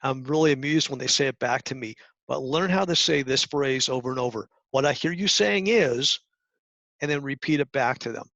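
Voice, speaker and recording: A middle-aged man giving a talk to high school students, coaching earnestly with restarts and acted-out examples. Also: steady tone, fairly quick, few pauses, a bit bright, no echo. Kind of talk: presentation talk. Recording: dull lo-fi sound.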